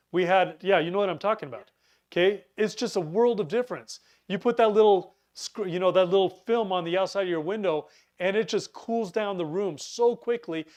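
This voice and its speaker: A man giving a casual preparedness lesson, chatty, often stumbling over words and restarting his sentences. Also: high-pitched. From Utah. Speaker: preparedness instructor. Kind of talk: informal teaching talk.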